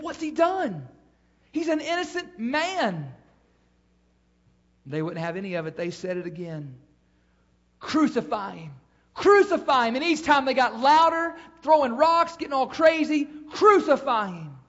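A man with a very high voice preaches a sermon. His cadence rises and falls as he repeats phrases for emphasis. The recording sounds muffled and lo-fi. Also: lively intonation, unhurried. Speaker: pastor.

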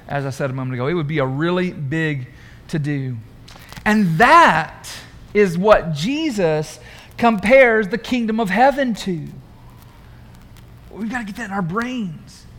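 Male preacher, high voice, chatty and animated, quizzing his congregation. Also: normal speed. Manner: conversational, animated, asks the congregation questions. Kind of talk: sermon. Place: church room.

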